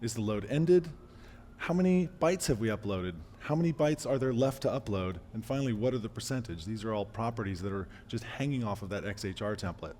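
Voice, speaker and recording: A man giving a casual live-coding talk at a meetup, losing his voice and clearing his throat, with fillers and restarts. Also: fairly low pitch, a little fast, mellow, slight background noise. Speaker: meetup presenter. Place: meetup room.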